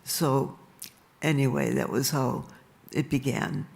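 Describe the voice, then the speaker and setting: An older woman tells her stories to a live audience at a leisurely pace. Her voice has a rough, gravelly grain, and she laughs softly now and then. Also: very deep voice, a little hiss or hum. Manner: slow and unhurried, with soft laughs. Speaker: speaker at a live talk. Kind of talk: storytelling at a live event. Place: stage in a large venue.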